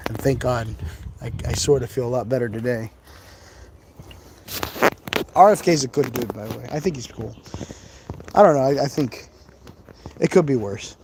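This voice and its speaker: Background noise accompanies a medium-pitched male voice that moves at normal speed but pauses often. He's out in a cemetery running a live ghost-hunting stream, keeping up casual, rambling chat full of laughs and side comments as he explores.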